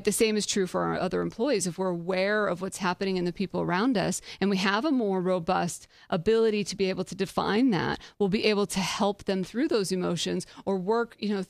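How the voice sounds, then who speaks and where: A woman hosting a podcast, giving a conversational leadership talk in a lively way, laughing often and making self-deprecating asides. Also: mid-range voice, creaky, no echo. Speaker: podcast host.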